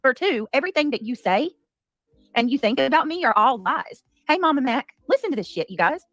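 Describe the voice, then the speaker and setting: Indignant woman livestream host, lively pitch. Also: no echo, studio quality. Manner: indignant, defensive, rapid with many restarts. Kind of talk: heated livestream commentary. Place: home.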